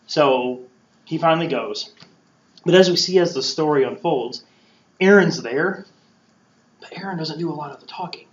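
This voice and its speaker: A man with a somewhat high voice hosts a podcast, teaching from the Bible casually and pausing often at a normal pace. He performs the quotes playfully and conversationally, and the sound is roomy, dull, and lo-fi.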